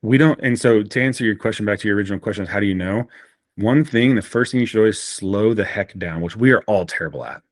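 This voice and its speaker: A man in a casual podcast conversation, a guest telling animated stories with frequent fillers. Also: on the low side, fast talker, no room sound, studio quality.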